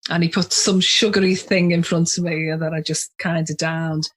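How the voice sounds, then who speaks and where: A woman's voice: on the low side, level tone, normal speed. A woman, a guest expert chatting casually in an interview and laughing easily. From England. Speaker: guest, social engineering expert.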